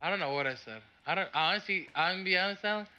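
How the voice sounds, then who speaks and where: A young co-host chimes in during a casual stream with quick, disbelieving remarks. His voice is bright and sharp, and he talks fast. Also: high-pitched, low-quality recording.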